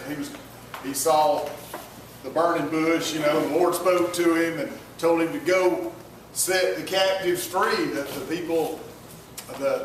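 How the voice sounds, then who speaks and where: Folksy preacher with a heavy room echo. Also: male voice, fairly high pitch, a little hiss or hum. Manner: folksy, rambling, full of restarts and "right?" asides. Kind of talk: informal sermon storytelling. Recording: very echoey room, mic far off.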